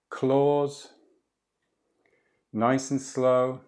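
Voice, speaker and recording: A middle-aged man leads a qigong and movement class, calmly cueing breath and posture and chatting between exercises. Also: medium pitch, moderate pace.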